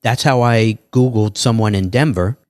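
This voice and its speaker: Male entrepreneur guest, animated pitchman delivery, dry studio sound. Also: normal speed, no echo. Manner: animated salesman patter, acts out dialogue. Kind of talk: casual interview talk.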